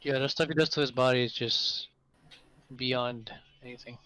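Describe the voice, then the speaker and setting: A man's voice: medium pitch, fairly even intonation, moderate pace, fairly bright tone, no room sound. A man on a casual podcast panel who chimes in with short agreeing remarks. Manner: brief agreeing interjections. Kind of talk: casual chat.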